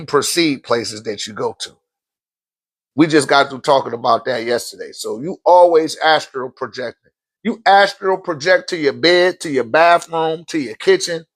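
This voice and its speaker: A man, a spiritual teacher telling stories in casual teaching talk, acting out quotes and laughing often. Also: a little high. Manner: animated storytelling, acts out quotes, laughs often.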